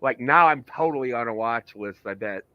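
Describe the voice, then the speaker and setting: A man in a casual chat, loud and profane, laughing often. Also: mid-range voice, normal speed, no echo. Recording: dry, dull lo-fi sound.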